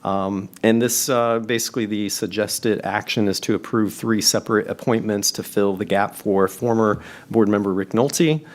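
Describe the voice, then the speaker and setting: Low-voiced man chairing a board meeting. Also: moderate pace, few pauses. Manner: procedural, steady, with fillers. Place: public meeting chamber.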